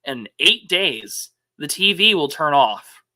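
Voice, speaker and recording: Bright-toned man musing on a podcast. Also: a little high, big pitch swings, slow pace. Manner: reflective, rhetorical questions. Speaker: podcast host. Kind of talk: casual political chat.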